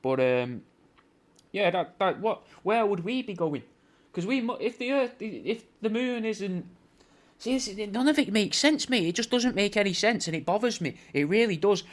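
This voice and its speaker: A man hosting a podcast, rambling through a sweary, mock-conspiratorial comedic rant and calling the listener mate. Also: high voice. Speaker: podcast host.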